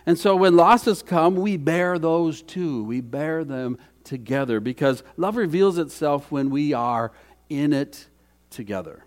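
A middle-aged man preaching a conversational sermon as pastor, folksy and chatty, with frequent restarts. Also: on the high side.

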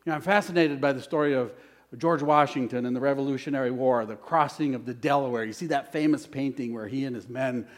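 A pastor preaching a sermon, moving between hushed lines and loud, emphatic calls. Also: male voice, medium pitch, fast talker. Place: church.

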